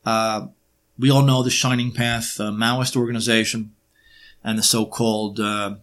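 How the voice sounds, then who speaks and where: A man giving a lecture-style monologue, often pausing on fillers and throwing in sarcastic rhetorical questions. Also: lowish voice, level tone, fairly bright tone. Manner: frequent filler hesitations.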